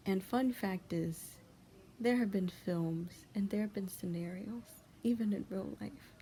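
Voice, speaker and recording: Soft-spoken young woman, half-whispering. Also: mid-range voice, a little slow, a little hiss or hum. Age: young adult. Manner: soft, often half-whispered, gentle and comforting. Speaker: channel host. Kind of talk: heartfelt monologue of encouragement.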